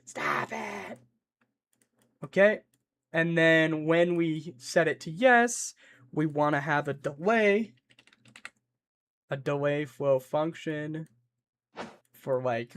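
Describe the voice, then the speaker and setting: A young man on a live stream who muses aloud as he builds something and keeps breaking off to answer his chat. He has a slightly higher voice and takes his time, drawling through his thoughts in a loose, joking ramble. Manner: rambling, playful, reads chat aloud and thinks out loud.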